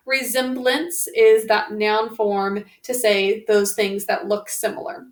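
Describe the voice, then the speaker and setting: A woman's voice: a little high, fairly even intonation, slow. A woman teaching a spelling lesson on video, patiently sounding out words one sound at a time. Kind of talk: slow, careful spelling lesson. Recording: roomy echo.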